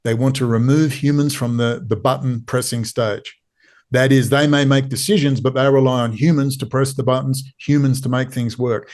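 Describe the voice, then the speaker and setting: A man's voice: mid-range voice, steady tone, normal speed, darkish tone. A man with an Australian accent, a podcast guest, talking in an urgent, pleading way and hammering points home through repetition. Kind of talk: impassioned interview talk.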